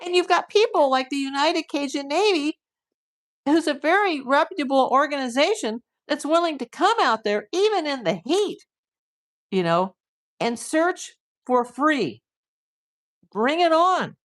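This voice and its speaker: A woman's voice: sits high, lively intonation, a little slow. A woman hosting a live stream as a private investigator, talking through a case with emphatic, indignant rhetorical questions. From USA.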